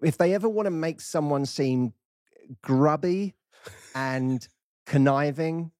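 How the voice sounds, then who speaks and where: A man from England with a Cockney accent, a guest chatting in an interview, jokey, self-deprecating and quick to laugh. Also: a little high, darkish tone, no echo, clean studio sound. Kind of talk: casual interview chat. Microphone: studio microphone.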